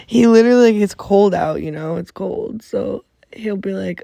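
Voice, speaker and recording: A woman hosting her own podcast, telling stories in a rambling, animated way with frequent swearing, talking from under a blanket. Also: medium pitch, normal speed, gravelly, no echo. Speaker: podcast host. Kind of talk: casual storytelling.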